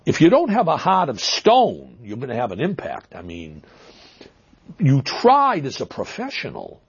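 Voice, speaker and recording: A man with a Boston accent answering interview questions, halting with fillers and restarts, stressing words with emphasis, heard on dull lo-fi audio. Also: mid-range voice, huge pitch swings, husky. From Massachusetts. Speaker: interview guest.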